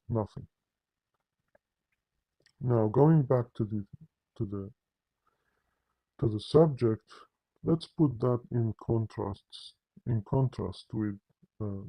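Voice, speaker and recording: A man's voice: lowish voice, mellow, rough recording. A man giving a confrontational religious commentary, addressing listeners directly with emphatic, repetitive phrasing and frequent restarts. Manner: frequent restarts and repeated words. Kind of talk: polemical monologue to camera.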